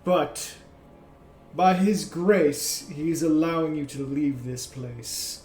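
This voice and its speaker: Aged archon, cold and measured, slow delivery, voiced by a man; echoey room, faint music. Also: on the high side. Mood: calm, cold. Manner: calm, measured proclamations. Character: aged male archon, cold and dragon-devoted.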